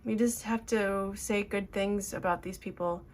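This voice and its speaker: A woman's voice: mid-range voice, steady tone, a little slow, a little mellow, slight background noise. A woman giving an earnest, emotional tarot reading, rambling with fillers as she talks to her viewers. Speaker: tarot reader.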